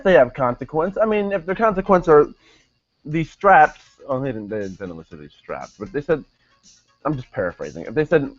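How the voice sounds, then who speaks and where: A young man talks through a wrestling episode in a loose, rambling way, full of fillers and restarts. His mid-pitched voice comes through dull and lo-fi, and faint music plays behind him. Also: no echo. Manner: rambling, many fillers and self-corrections. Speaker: wrestling show reviewer. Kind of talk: casual video review.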